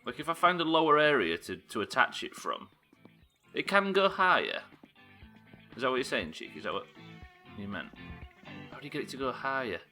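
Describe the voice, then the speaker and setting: A man's voice: medium pitch, sing-song, fairly quick, pauses often, music in the background. A young man streaming a game live, swearing freely and answering his chat as he works through tasks. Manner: swears often, talks to chat, frustrated outbursts. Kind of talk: live gameplay commentary.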